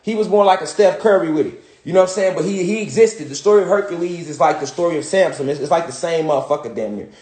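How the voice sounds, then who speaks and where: A man's voice: on the high side, fast, hardly any pauses, darkish tone. A man teaching a casual, rambling lesson from home, profane and full of repeated "you know what I'm saying.". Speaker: spiritual teacher. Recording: roomy echo.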